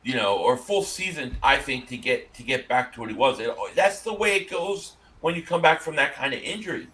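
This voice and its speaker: A man's voice: medium pitch, animated, a little fast, pushed and bright. A man co-hosting a casual sports podcast livestream, joking loosely and often restarting his sentences. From Italian-American. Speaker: podcast co-host.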